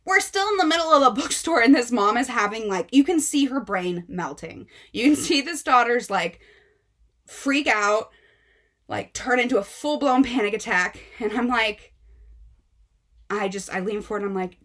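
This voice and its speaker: A young woman book vlogger retelling a story in a casual, animated, exasperated way with many fillers. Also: on the high side, moderate pace.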